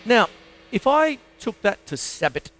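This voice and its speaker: A middle-aged Australian man giving a casual drum lesson, counting beats aloud between loud drum playing. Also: sits high, sing-song, a little slow, loud music behind the voice. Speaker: drum teacher. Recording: drum kit loud behind voice.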